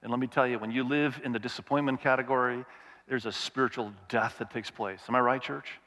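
A man's voice: medium pitch, steady tone, brisk, pushed and bright, long reverb tail. A male pastor preaching a sermon, reading scripture aloud and asking the congregation questions as he goes.

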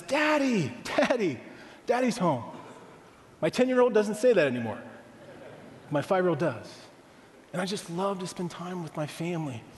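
A man with a high voice preaches as pastor, keeping it conversational and tossing rhetorical questions to the congregation. His words ring out with a long echo around a large hall. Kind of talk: sermon.

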